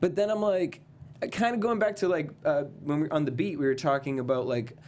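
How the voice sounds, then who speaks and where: A man's voice: a little high, fairly quick, a little mellow, slight background noise. A man co-hosting a casual celebrity gossip chat, sassy and rambling. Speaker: co-host.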